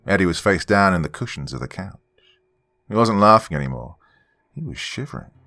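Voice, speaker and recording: A man narrating a first-person horror story in a measured, hushed storytelling manner. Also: low voice, expressive, dry recording, soft background music.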